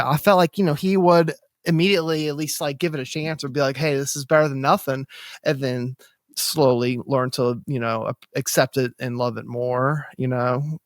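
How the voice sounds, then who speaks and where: A man co-hosts a podcast, chatting casually and rambling with lots of fillers and restarts. His voice is mid-range, and the recording is dry and studio quality.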